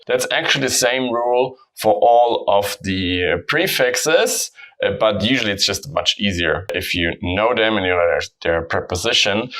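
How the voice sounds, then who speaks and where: Low-voiced man teaching grammar. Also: poor audio. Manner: explanatory, steady, mixing German examples with English. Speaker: German teacher. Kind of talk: grammar lesson explaining to camera.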